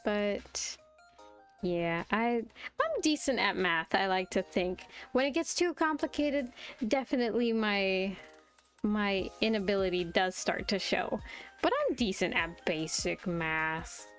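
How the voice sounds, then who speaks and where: A young woman chats casually on a live stream while drawing, speaking slowly at a medium pitch with an animated, giggly manner. She rambles and keeps restarting with self-deprecating remarks, faint music playing in the background.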